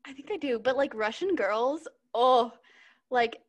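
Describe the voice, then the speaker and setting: A woman's voice: a little high, unhurried. A young woman co-hosting a podcast in casual, rambling chat, giggling often and filling gaps with "like" and "um". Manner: giggly, rambling with many fillers. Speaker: podcast co-host.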